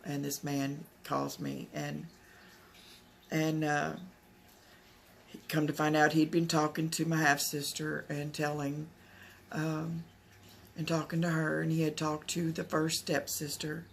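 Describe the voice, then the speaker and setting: A woman's voice: sits low, completely flat delivery, slow, vocal fry, pauses often, slight background noise. A woman from Texas, telling a personal story to camera in a rambling way, full of fillers and restarts. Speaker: vlogger.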